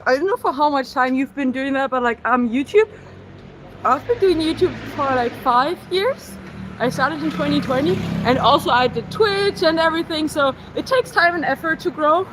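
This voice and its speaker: A woman's voice: high-pitched, lively intonation, moderate pace. A German woman from Berlin with a German accent, chatting casually with live-stream viewers on a phone on a selfie stick while walking through city streets, full of "like" fillers. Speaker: livestreamer. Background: faint street and traffic noise.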